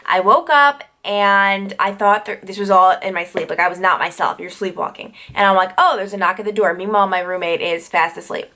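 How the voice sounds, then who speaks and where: A woman's voice: medium pitch, normal speed, hardly any pauses, sharp tone. A young adult woman from New York telling a storytime vlog, chatty and full of "like" fillers and tangents. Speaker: YouTuber.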